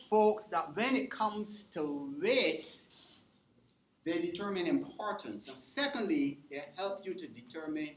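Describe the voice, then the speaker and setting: A male lecturer with a slightly high voice teaches a university class in a lecture hall, recorded with echo and a little hiss or hum. He teaches interactively, often pausing to check that students are following.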